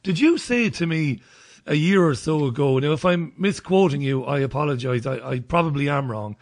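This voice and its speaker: A man's voice: on the high side, expressive, normal speed, no room sound, studio quality. Chatty male radio host. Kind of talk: interview questions.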